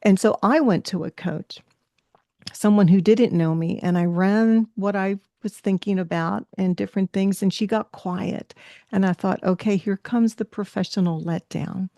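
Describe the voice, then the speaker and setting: Gravelly, mellow-voiced woman podcast host. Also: mid-range voice, steady tone, measured pace, no echo, clean studio sound. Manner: warm, effusive and encouraging. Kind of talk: podcast interview.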